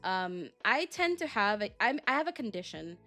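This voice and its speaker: A young woman talks casually to her stream chat, rambling and circling back on herself with plenty of "like" and "um". Her voice sits at an ordinary middle pitch, with soft game music playing faintly underneath. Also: sing-song, moderate pace. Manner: rambling storytelling with frequent fillers and laughs. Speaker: VTuber streamer.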